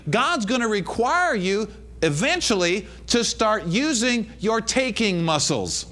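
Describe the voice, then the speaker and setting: A man's voice: extremely high pitch, sing-song, moderate pace, fairly bright tone. A man preaching a sermon as pastor, emphatic, repeating lines and calling out to the congregation.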